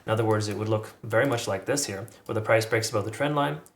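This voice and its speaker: A man with a fairly low voice talks his way through crypto price charts in a loose, conversational way, repeating himself and adding offhand asides. He sounds like he is in a roomy, echoey space. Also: fast. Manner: casual, rambling with restarts and asides. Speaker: crypto market analyst. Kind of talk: chart analysis commentary.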